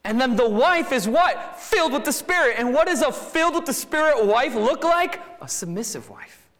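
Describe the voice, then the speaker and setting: A man's voice: very high-pitched, sing-song, normal speed, fairly bright tone. A man preaching a sermon to his congregation, talking in a conversational way and rising to emphatic bursts. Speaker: pastor. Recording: reverberant hall.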